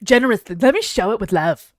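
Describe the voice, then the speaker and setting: Picture a smug friend making a sarcastic, showy offer to share something with everyone, his tone full of fake generosity. A woman mimics him loudly and brightly, within her own voice. The voice keeps a lively lilt throughout. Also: medium pitch, a little fast, no echo, studio quality, lightly acted. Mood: mock-generous.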